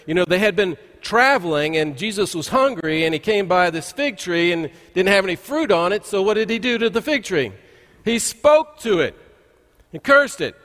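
High-voiced pastor preaching in a reverberant hall. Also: male voice, very animated, normal speed, fairly bright tone. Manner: folksy storytelling with frequent "uh" restarts. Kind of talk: conversational sermon. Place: church sanctuary. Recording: long reverb of a large church hall.

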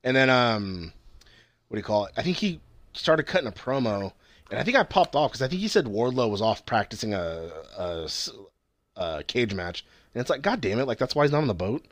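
Fast, animated young guy chatting. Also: mid-range voice, dry recording. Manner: profane, laughing, slangy. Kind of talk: casual wrestling chat podcast.

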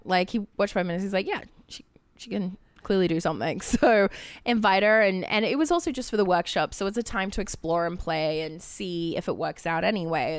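A woman's voice: on the low side, dry recording. A young Australian woman, an actress being interviewed, telling her story in a chatty way, often quoting others and laughing. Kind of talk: casual interview chat.

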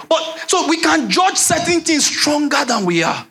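A young Nigerian man preaching a sermon as pastor, animated, repeating phrases and dropping into a low voice to act out quotes. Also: measured pace, creaky, hardly any pauses, slight background noise.

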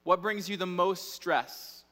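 A man's voice: sits high, slow pace, pushed and bright. A man in his thirties, a pastor preaching a sermon in a conversational, candid way. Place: church. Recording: reverberant church hall.

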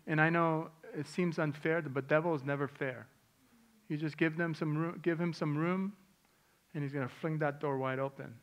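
A middle-aged man preaching a sermon as a pastor, his voice sitting a little high for a man. He tells a personal story with feeling, dropping to hushed, quiet lines and then rising to loud, emotional ones. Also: highs cut off.

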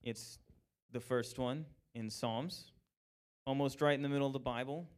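A young man preaching a casual, animated evening sermon, with jokey asides and quick conversational talk. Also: mid-range voice.

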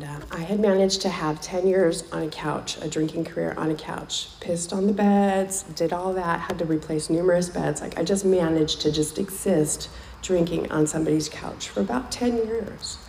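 At a recovery meeting, a woman speaks candidly and emotionally about her personal story, repeating phrases for weight. Her voice is fairly low, creaky, and a little mellow, in an echoey room with faint background noise.

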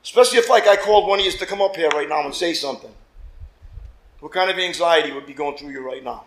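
A man preaching a lively sermon as pastor, acting out quotes and calling for amens from the congregation. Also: fairly high pitch, quick pace, slight background noise. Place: church. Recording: echoey church room.

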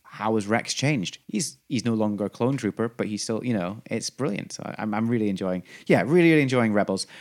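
A man's voice: on the low side, expressive, brisk, hardly any pauses. A man co-hosting a podcast in casual chat, rambling through fillers and restarts and gushing about shows he loves. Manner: enthusiastic. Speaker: podcast co-host.

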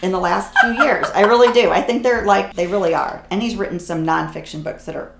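A woman's voice: mid-range voice, fairly even intonation, gravelly, slight background noise. A woman talking casually and enthusiastically about books she loves, in a chatty way. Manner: chatty, enthusiastic, drawn-out phrasing. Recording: echoey room.

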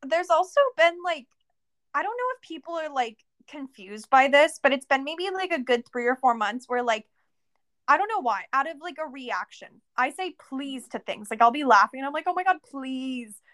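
Young female co-host, high-pitched and lively, casual and profane, dry close recording. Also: moderate pace, no echo. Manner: animated, swears, laughs often. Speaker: podcast co-host. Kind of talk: casual chat.

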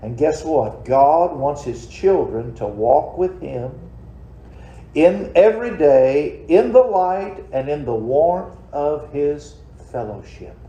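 A pastor's slow, expressive sermon fills a church sanctuary with a roomy echo as he speaks folksily and conversationally, peppering the congregation with rhetorical questions. His voice sits a little high yet sounds mellow and warm, and the highs are cut off.

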